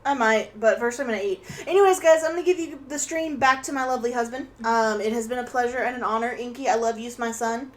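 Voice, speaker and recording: A young woman chatting casually at home as a stream guest, excitable and swearing freely, sometimes bursting into loud laughing shouts. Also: a little high, quick pace, hardly any pauses. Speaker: guest co-host on an art stream. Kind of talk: casual chat.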